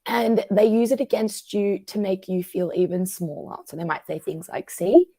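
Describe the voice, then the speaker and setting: A woman, a coach talking through emotional patterns in a conversational interview, animated and acting out the voices she quotes. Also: medium pitch, moderate pace, dry recording. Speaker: guest coach.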